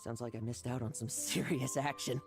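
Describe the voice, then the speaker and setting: A man's voice: medium pitch, fairly even intonation, normal speed, lightly acted. A man playing a confident, polite young knight vice captain in a video game. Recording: game audio with faint music underneath.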